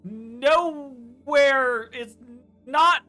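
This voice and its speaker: A woman co-hosting a let's play, chatting casually with emphatic, animated delivery and some swearing. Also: high voice, drawn-out words, soft background music. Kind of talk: casual chat over gameplay.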